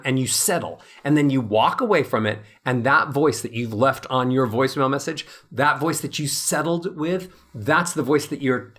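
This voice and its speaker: A middle-aged man speaking as a voice coach in an interview, lively and demonstrative, acting out little voices as he explains. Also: mid-range voice, moderate pace. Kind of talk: animated interview talk.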